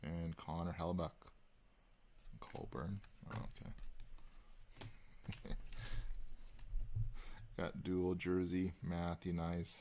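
A man hosting a live card break, calling out pulls and chatting with viewers in a relaxed, rambling way. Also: low-pitched, slow pace, pauses often, a little hiss or hum. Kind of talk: casual live-stream chat while opening cards.

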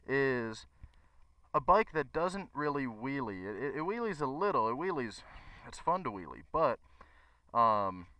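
A man's voice: medium pitch, bright, forceful tone. A man who runs a motorcycle shop, giving a chatty, enthusiastic bike review to his viewers. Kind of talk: casual bike review vlog.

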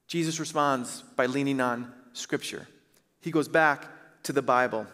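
A male pastor preaching a sermon, slow and emphatic, stressing key phrases. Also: mid-range voice, fairly bright tone, in a large hall. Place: church sanctuary.

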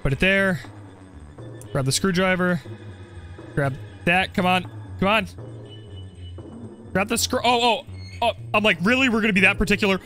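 A young man commenting on his game play, joking and getting excited as he goes. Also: sits high, normal speed, long pauses, faint music behind. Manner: jokey, excitable, role-plays as the character. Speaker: gaming video creator.

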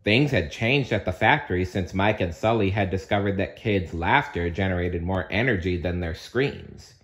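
A man reading a children's storybook aloud with slow, expressive storytelling. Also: sits low. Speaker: narrator.

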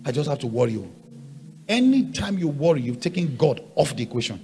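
A male pastor delivers a sermon in a fairly high voice that swoops and leaps. He drops to quiet asides, then rises to shouted, repeated rhetorical questions. Soft music plays faintly behind him. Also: sing-song, brisk. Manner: emphatic preaching, swinging from quiet asides to loud shouts.

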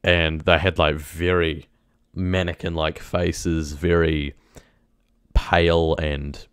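A man's voice: rumbling low, little pitch movement, slow, a bit bright, smooth, dry recording, clean studio sound. A young man with a New Zealand accent, casually reacting to a video, rambling with lots of fillers and laughs. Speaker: YouTube reactor.

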